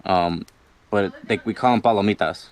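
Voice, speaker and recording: A man with a lowish voice tells a spooky story from his own life. His delivery is loose and rambling, packed with filler words, and he acts out what he said back then. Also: normal speed. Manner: rambling, lots of "like" and "you know", quotes himself. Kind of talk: casual spoken storytelling.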